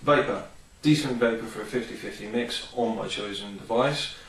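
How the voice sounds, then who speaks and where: Rambling man, low voice, roomy. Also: normal speed, a bit bright. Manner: rambling, enthusiastic, many ums. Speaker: product reviewer. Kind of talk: casual vape review vlog. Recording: roomy, distant from the mic.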